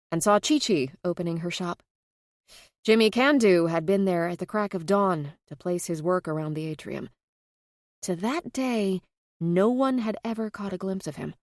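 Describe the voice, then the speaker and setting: A woman reading a mystery novel as an audiobook narrator, in an even, measured storytelling manner. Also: fairly low pitch, no room sound, studio quality. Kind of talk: scripted narration.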